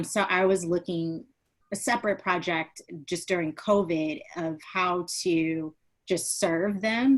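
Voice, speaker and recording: A woman who is a new coach talking in a webinar, answering questions hesitantly with some fillers. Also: on the low side. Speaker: coaching student. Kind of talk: casual conversation.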